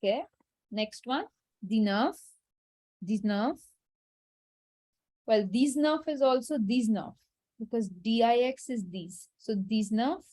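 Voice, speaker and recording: A woman teaching French numbers in an online class, repeating each word slowly and carefully. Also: fairly high pitch, dark tone. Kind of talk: online language lesson. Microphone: video call.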